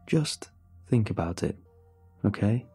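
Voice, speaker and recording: A man voicing a calm, persuasive male leader of a sinister cult, speaking in a smooth, coaxing way. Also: lowish voice, takes it slowly, soft background music, full character voice. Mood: calmly menacing.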